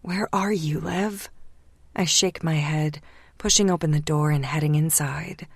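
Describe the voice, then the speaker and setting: Low-voiced woman narrating hushed. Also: no room sound. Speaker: audiobook narrator. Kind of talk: first-person romance audiobook narration.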